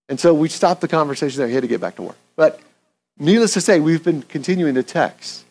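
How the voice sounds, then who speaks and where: A man's voice: a little high, lively intonation, fast. A man, a pastor, preaching a sermon in an earnest, conversational way, repeating his key phrases.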